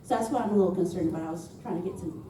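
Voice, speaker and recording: A woman's voice: lowish voice, very fast, mellow, slight background noise. A woman with a Southern accent, an audience member asking a chatty, slightly self-conscious question. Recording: echoey hall, far from mic.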